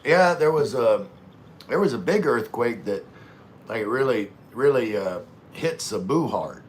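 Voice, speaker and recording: A man in casual livestream chat, easygoing and rambling, talking between bites of food. His pitch sits in an ordinary middle range, and a faint hiss runs under his voice. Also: animated, unhurried. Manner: laid-back, rambling, talks with mouth full; folksy, calls himself country. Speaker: vlogger hosting a live stream.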